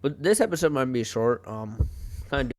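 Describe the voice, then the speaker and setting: Young man, solo podcast host, rambling, lively pitch, laughs a lot. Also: moderate pace. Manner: rambling, self-interrupting, laughs often. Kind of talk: casual solo podcast rant. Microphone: home podcast mic.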